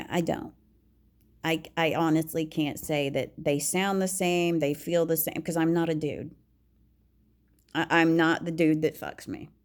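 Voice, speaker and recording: A woman speaks candidly about herself in a slow, unhurried monologue, often restarting her sentences. Her voice sits low and carries a gravelly fry, and she drops to a hush when she quotes her own thoughts. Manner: frank and confiding, halting restarts, drops to whispers when quoting herself. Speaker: vlogger.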